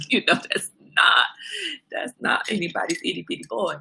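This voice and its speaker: A woman's voice: on the low side, brisk, gravelly, sharp tone, husky. A woman hosting a casual livestream, chatting straight to her viewers. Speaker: livestream host.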